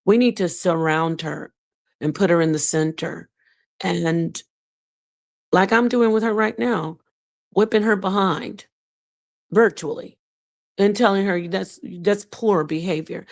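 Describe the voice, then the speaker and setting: A woman's voice: on the low side, measured pace, vocal fry, no echo. Emphatic, scolding woman streaming. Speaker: livestream host. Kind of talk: casual livestream chat.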